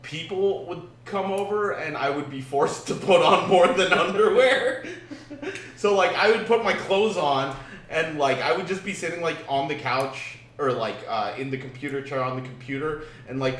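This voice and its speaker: A young man with a slightly high voice rambles through casual stories, laughing and swearing often. He sounds a little distant from the mic, in an echoey room with faint background noise. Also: moderate pace, a bit bright. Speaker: podcast co-host. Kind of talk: casual chat.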